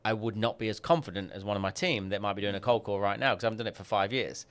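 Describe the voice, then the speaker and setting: An Australian man as a podcast guest, telling stories and acting out quoted dialogue with lively jumps in pitch. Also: racing. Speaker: guest, sales coach. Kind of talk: podcast interview storytelling.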